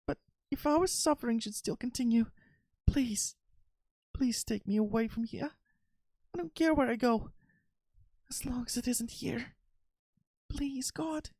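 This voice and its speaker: Woman doing a high, frightened young girl. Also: measured pace, pauses often, darkish tone, no room sound. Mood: prayerful. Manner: pleading, desperate. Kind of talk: reading a story game aloud.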